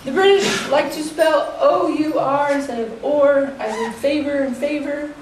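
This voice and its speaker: An American woman teaching English, giving a slow, deliberate classroom presentation and laughing lightly between points. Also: high voice, heavy reverb, distant mic, slight background noise, poor audio. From United States.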